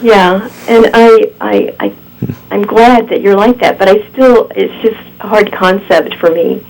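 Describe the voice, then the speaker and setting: A woman calling into a talk show whose voice is going hoarse. She speaks haltingly and searches for her words, often restarting. Her pitch sits in a normal middle range. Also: darkish tone, poor audio. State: losing her voice. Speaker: caller. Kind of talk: call-in conversation.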